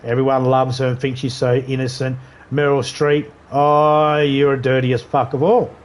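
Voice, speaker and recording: A man's voice: medium pitch, little pitch movement, moderate pace. A man streaming a video game live, riffing in crude, rambling banter and laughing at his own jokes.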